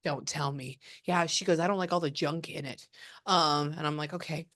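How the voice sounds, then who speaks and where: Her voice is low and steady, a bit bright, moving at a moderate pace. Working as a psychic medium, this woman talks chattily through a reading, passing along long quoted messages and drifting off mid-sentence.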